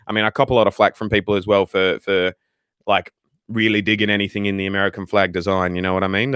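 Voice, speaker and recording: Low-voiced profane Australian man. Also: fairly bright tone, dry recording, clean studio sound. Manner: rambling, profane, frequent restarts and fillers. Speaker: channel host answering viewer questions. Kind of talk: casual livestream Q&A. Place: room with racing posters on the wall.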